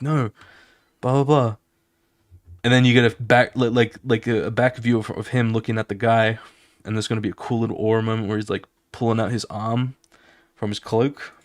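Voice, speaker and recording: A young man streaming while he draws, casually talking through his comic's scenes in an excited, swear-filled way and acting them out with sound effects. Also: on the low side, dry recording, studio quality. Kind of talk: casual live-stream chat while drawing.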